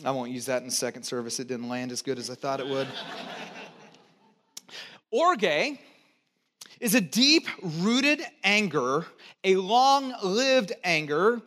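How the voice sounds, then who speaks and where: A middle-aged man from the United States preaches in a church, his voice sitting high for a man. He talks to the congregation like a conversation, has them repeat words back and drops in joking asides. He swings from loud, emphatic lines down to quiet, low ones. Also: lively intonation, slow pace, long pauses. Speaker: pastor. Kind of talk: sermon.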